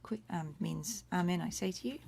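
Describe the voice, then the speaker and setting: A woman's voice: lowish voice, normal speed, creaky. Chatty woman teaching Latin. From Australia. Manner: chatty, self-interrupting, explains words one by one. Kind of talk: casual livestream lesson. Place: home room. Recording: faint room noise.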